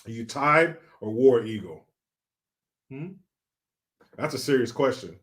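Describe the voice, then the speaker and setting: A man's voice: medium pitch, expressive, measured pace. A man from California hosting a casual livestream, reading out viewer comments in a joking, chatty, profane way and laughing along. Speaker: livestream host.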